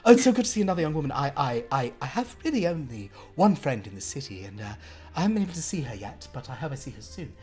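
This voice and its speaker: A woman's voice: very deep voice, sing-song, fast talker, over music, pitched above the performer's own voice. A man voicing a fussy, wealthy woman, breathless and fluttery, stammering and gushing endearments. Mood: chatty.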